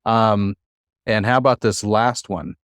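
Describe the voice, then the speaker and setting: A man's voice: on the low side, steady tone, a little slow, fairly bright tone, no room sound, studio quality. A man teaching a classroom lesson, patient and encouraging, with many fillers. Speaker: Hebrew teacher.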